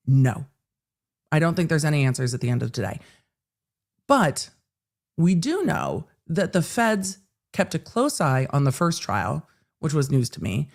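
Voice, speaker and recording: A woman talks through a day in court on her home livestream. Her delivery is chatty and conversational, with wry asides as she goes. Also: deep voice. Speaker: legal commentary host. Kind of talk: casual livestream commentary.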